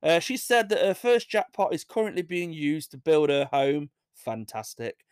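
A man's voice: a little high, big pitch swings, moderate pace, clear, resonant tone, no echo, studio quality. A young English man hosting a casual show, reading odd news stories and rambling through jokey asides that he laughs at. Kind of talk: casual chat.

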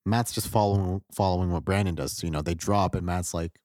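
A man's voice: low voice, quick pace, a little mellow, no room sound, clean studio sound. A man co-hosting a podcast, chatting casually with laid-back, jokey banter. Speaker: podcast co-host.

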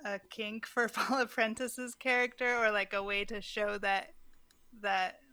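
A woman's voice: medium pitch, fairly even intonation, unhurried, pushed and bright, smooth, no room sound. A woman in a casual movie discussion, wry and chatty, with frequent "like". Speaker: podcast co-host, movie reviewer.

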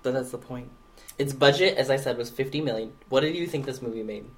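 A man co-hosting a casual podcast, trading dry, deadpan sarcasm with his co-host. His voice sits at an ordinary middle pitch, and his talk is loose and chatty. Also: fast talker. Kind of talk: casual chat.

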